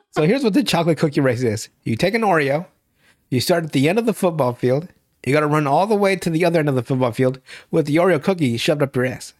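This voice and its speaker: A man's voice: a little high, animated, fast. A young man hosting a podcast, recapping a TV show in casual, profane, rambling chat and laughing often. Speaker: podcast host.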